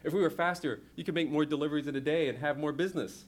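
A man's voice: on the high side, racing, natural voice. A man reading a storybook aloud and voicing a reckless, speed-loving driver who is eager and pushy.

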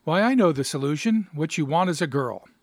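A man's voice: a little high, expressive, brisk, no echo, clean studio sound. A man voicing a cheery married friend with a hearty, jovial way of giving advice. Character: cheery married man, breezy confident pal.

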